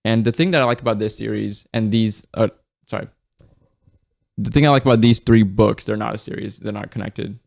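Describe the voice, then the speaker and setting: A man's voice: on the low side, steady tone, fairly quick, creaky, a little mellow. A man talking casually and enthusiastically about books, swearing freely and dropping lots of "like" and "right?" as he goes. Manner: frequent fillers and tag questions. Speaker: book reviewer. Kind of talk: casual chat.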